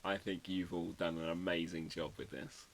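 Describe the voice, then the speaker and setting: A man hosting a casual livestream, chatting with viewers and reading their comments while he draws, often muttering quiet asides. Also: sits low, fairly even intonation, normal speed, a little hiss or hum. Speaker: livestream host drawing a card. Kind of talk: casual live-stream chat.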